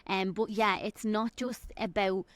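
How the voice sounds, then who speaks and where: A young woman from Dublin with an Irish accent, hosting a solo podcast and giving an excited, rambling life update. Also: mid-range voice, measured pace, no echo. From Ireland. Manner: excited, rambling, quotes people in little acted voices. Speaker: podcast host and fitness coach.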